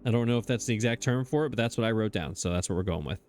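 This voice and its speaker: A let's play host rattles along very fast in a lowish, slightly mellow voice while faint music plays behind him. Talking casually into his desk microphone, he thinks out loud, hesitating and chuckling at himself.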